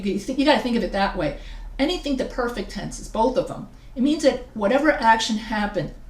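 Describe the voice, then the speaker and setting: A fairly high-voiced woman gives a casual recorded grammar lesson, chatting her way through the points and often circling back to restart a sentence. The sound is roomy, with a noticeable echo around her voice. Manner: chatty and digressive, with frequent restarts. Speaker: writing teacher. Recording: echoey room sound.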